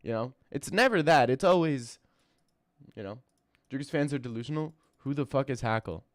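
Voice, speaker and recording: Young guy streaming, reads chat and jokes around, mid pitch, dry close mic. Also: lively intonation, no echo. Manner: joking, reads chat aloud, quick asides. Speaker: streamer host. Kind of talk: casual livestream Q&A.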